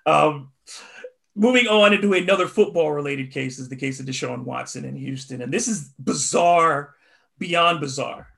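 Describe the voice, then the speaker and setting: A man co-hosting a casual sports talk show, chatting in an animated way. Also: a little high, moderate pace, creaky. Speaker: podcast co-host.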